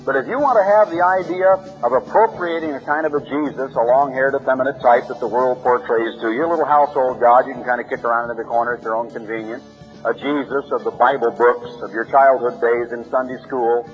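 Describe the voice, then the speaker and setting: A man's voice: mid-range voice, fairly quick, faint music behind. A man preaching an impassioned radio sermon, his voice swinging widely and rising in emphasis. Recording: muffled old radio broadcast.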